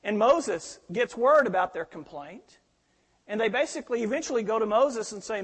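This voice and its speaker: A man's voice: high voice, big pitch swings, moderate pace, fairly bright tone, long reverb tail. A middle-aged male pastor preaching a sermon, telling stories animatedly and acting out the quoted voices.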